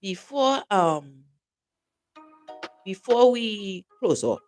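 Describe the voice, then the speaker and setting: A woman's voice: medium pitch, animated, very slow, a little mellow, soft background music. A woman co-hosting a talk show, giving casual advice and teasing her co-host, laughing often.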